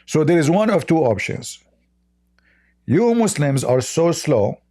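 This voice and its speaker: A man's voice: a little high, big pitch swings, a little slow, mellow. A man hosting a live debate stream, talking casually in a sarcastic, taunting way with lots of hesitant fillers.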